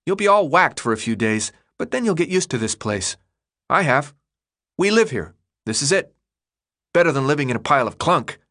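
A man reading aloud and voicing a chubby, cheeky twelve-year-old boy with a high childish pitch. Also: big pitch swings, bright, forceful tone. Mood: reassuring. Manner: blunt, cheeky, quick-talking.

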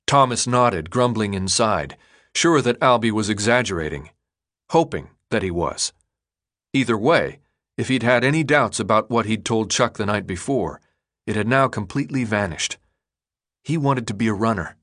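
A man narrating an audiobook in a steady, even storytelling voice. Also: fairly low pitch, moderate pace. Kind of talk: scripted narration.

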